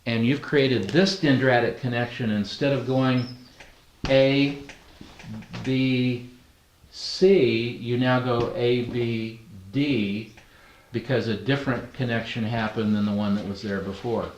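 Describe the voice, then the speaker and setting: A man teaches a class of adults in a roomy training hall, his voice carrying with some echo. He speaks at a middle pitch in a relaxed, conversational way and keeps asking the group questions. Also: takes it slowly, a little hiss or hum. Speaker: NLP trainer.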